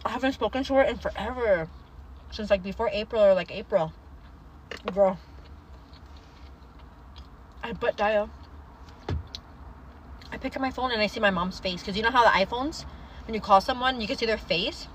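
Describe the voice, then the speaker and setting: A young woman with a slightly high voice chats casually to her livestream viewers. She tells stories animatedly and keeps calling them "girl." A faint hum of background noise sits under her voice. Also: normal speed, long pauses, rough recording. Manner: chatty, animated storytelling, calls viewers girl. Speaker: livestream host.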